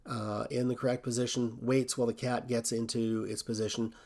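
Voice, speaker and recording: A man hosting a coding tutorial, thinking aloud in a relaxed way as he walks through a screen recording. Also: medium pitch, a little fast.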